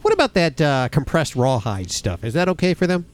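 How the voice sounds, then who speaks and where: A man's voice: a little high, wildly swooping pitch, a little fast. A man co-hosting a radio call-in show with breezy, joking banter. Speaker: radio co-host.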